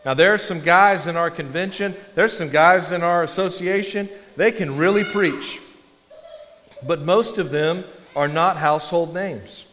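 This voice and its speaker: Man, pastor, fairly high voice, casual sermon, long hall reverb. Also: unhurried, fairly bright tone, slight background noise. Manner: conversational and self-deprecating with frequent restarts. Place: church sanctuary.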